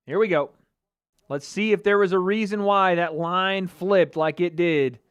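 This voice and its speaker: Male streamer, slightly high voice, casual and cocky, ribs the chat, laughs a lot. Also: a bit bright, smooth. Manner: joking, trash-talking, laughing often. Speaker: livestream host. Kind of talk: casual livestream chat reading comments.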